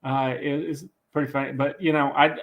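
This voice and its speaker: A man with a raspy, slightly high voice chats loosely on a live stream. He jokes and teases, circling back with restarts as he goes. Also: flat delivery, a little fast, lo-fi sound. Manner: joking, teasing, rambling with restarts. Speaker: host of a farm channel live stream. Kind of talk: casual live-stream chat.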